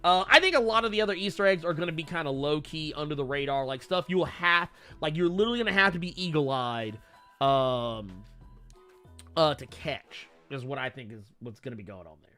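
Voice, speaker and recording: A man co-hosting a comic book live stream, reading viewer comments in an animated, rambling way and swearing casually. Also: a little high, a little fast, soft background music. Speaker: co-host of a comic book talk show.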